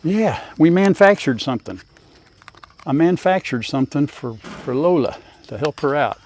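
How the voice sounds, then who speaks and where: A man's voice: a little high, animated, moderate pace, a little mellow. An older man, chatting casually to viewers and his animals while doing farm chores outdoors. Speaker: farm vlogger.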